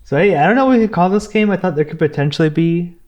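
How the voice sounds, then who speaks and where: A young man co-hosting a podcast, calmly counting votes and running a game between the hosts. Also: high-pitched, highs cut off. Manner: slow, deliberate, easy laughter. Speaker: podcast co-host, tallies votes. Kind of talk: casual chat, running a game.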